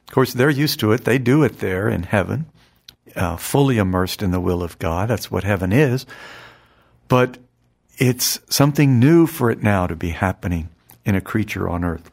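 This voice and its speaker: A man's voice: on the low side, animated, creaky. Earnest man explaining a devotional text. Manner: earnest, measured, with repeated phrases. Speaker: spiritual teacher.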